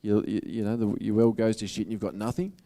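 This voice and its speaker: A man's voice: fairly low pitch, steady tone, quick pace, dark tone. A man with an Australian accent giving a motivational talk to an audience, in a casual, earnest, conversational way. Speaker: motivational speaker.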